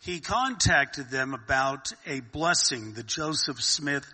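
A man hosting a casual chat and recounting a story in an unhurried way, with a lot of filler words, heard in a reverberant room. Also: medium pitch, lively intonation, sharp tone, breathy edge. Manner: unhurried, with many fillers and restarts.

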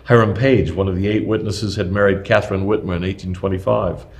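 The voice is a man's, somewhat low, working through a written history piece; his reading stays even and deliberate apart from a few minor slips.

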